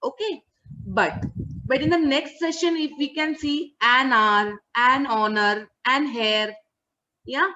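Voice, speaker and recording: Bright-voiced teacher, woman. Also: high voice, slow pace. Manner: patient, repeats words and checks understanding. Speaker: English teacher. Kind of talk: online class teaching. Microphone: video call. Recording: muffled online call audio.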